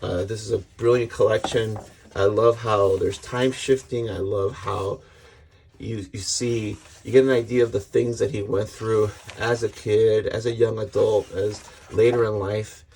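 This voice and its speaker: A man's voice: fairly low pitch, steady tone, unhurried, gravelly, darkish tone, a little hiss or hum. A middle-aged man giving a casual, earnest comics book review, rambling with frequent restarts.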